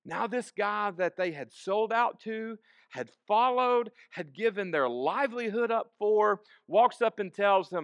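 A man's voice: sits high, very animated, a little slow, dry recording, dull audio. A man preaching a sermon, asking the congregation questions and repeating key phrases. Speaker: pastor.

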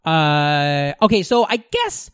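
A man's voice: a little high, slow, clear, resonant tone, no echo, clean studio sound. A young man co-hosting a podcast, chatting casually and telling stories with lots of swearing. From Omaha, American Midwest. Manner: animated storyteller, swears freely. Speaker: podcast co-host. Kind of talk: casual chat.

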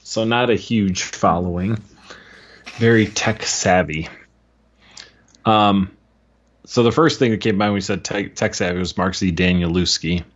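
A man's voice: low voice, unhurried, pauses often, highs cut off. A man co-hosting a podcast, guessing answers in casual chat with a self-deprecating, hesitant manner. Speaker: podcast co-host.

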